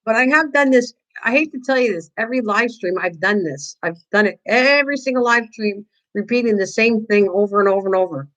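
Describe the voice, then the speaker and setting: A woman's voice: medium pitch, fairly quick, hardly any pauses, a bit bright, low-quality recording. An older woman hosting a casual live-stream craft tutorial, chatting with viewers, teasing them and laughing often.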